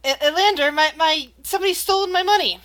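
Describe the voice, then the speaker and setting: Woman playing a loud, flustered half-orc bookie. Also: extremely high pitch, fast, pitched above the performer's own voice. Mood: upset. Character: agitated male half-orc bet-taker.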